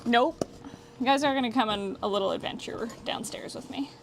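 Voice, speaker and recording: A woman's voice: on the high side, a little fast, background noise. Bubbly, chatty woman streaming from home. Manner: bubbly, chatty, swears casually, playful. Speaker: streamer and voice actress. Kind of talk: casual live-stream chat. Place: home, in a pouring tent and around the house. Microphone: wireless mic on a receiver.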